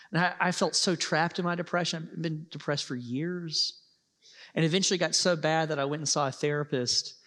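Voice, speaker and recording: A man's voice: fairly high pitch, a bit bright. Earnest male preacher in a reverberant hall. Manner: earnest, pauses for emphasis, rises to passionate peaks. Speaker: pastor. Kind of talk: sermon.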